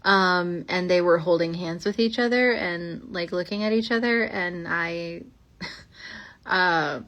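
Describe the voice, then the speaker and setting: A woman's voice: on the low side, a bit bright. A young woman hosting a podcast, reading old ghost stories aloud and rambling in a casual, chatty way, full of fillers and asides. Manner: rambling and chatty, many fillers, slows down for spooky lines.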